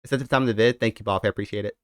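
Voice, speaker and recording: A man's voice: lowish voice, steady tone, rapid-fire, smooth, no room sound, studio quality. A young man streaming, rambling casually and talking straight to his chat.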